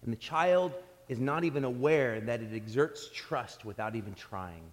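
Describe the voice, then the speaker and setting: A man preaching a sermon as pastor, telling stories in an animated way and often restarting his sentences. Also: mid-range voice, moderate pace. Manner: animated storytelling with frequent restarts. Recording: long hall reverb.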